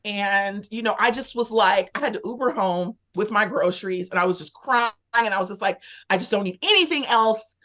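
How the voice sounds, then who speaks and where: Candid, animated woman telling a story. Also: mid-range voice, a little fast, few pauses. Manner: animated, candid, lively retelling with quoted inner thoughts. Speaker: guest. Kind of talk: casual conversational storytelling.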